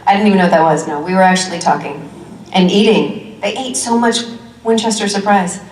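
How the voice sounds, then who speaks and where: A woman's voice: medium pitch, a little fast, a little mellow. A woman speaks on a convention panel, rambling and chatty, breaking into laughter between her stories. The sound comes from some distance in a large, echoing hall. A faint hum runs underneath. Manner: chatty and rambling, laughs often, many fillers. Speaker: guest actress on a fan convention panel. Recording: echoey hall, mic at a distance.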